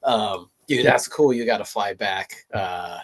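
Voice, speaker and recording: A man's voice: fairly low pitch, measured pace, gravelly, fairly bright tone. A man hosting a podcast in casual chat, laid-back and easygoing, swearing now and then. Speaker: podcast host.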